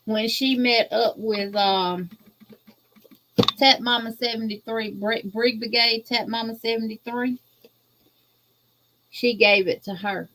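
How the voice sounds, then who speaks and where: A Southern woman with a Louisiana accent, talking on a live stream with a fairly high, light voice. She chats casually and folksily with viewers, stretching out her cheerful greetings as she reads their comments. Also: fairly even intonation, slow, pauses often, a bit bright. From Louisiana, USA. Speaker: guest host of a crochet livestream. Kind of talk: casual livestream chat reading viewer comments.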